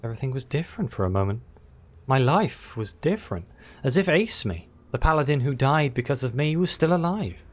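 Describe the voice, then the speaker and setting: A man's voice: mid-range voice, sing-song, fairly quick. A man voicing an impulsive young woman paladin in a fantasy game, in a raised, earnest voice.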